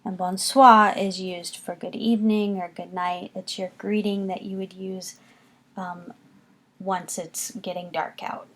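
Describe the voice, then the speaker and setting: Patient teacher voice, woman, unhurried classroom delivery with lots of repetition. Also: mid-range voice, little pitch movement. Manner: patient, slow, repeats words for students to copy. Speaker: French teacher. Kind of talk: recorded classroom lesson.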